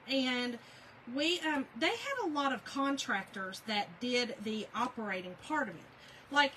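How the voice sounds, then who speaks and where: Lady crafting live, high bright voice, chatty and laughy. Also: slight background noise, poor audio. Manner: chatty, laughs often, greets viewers by name. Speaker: crafting livestream host. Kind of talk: chatty livestream storytelling.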